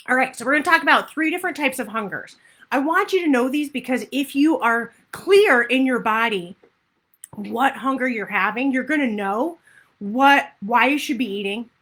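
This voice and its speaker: Woman, weight loss coach, live stream, chatty, bright voice, slightly high, throat tickle, webcam mic. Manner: chatty, apologetic, greets viewers by name. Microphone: computer webcam.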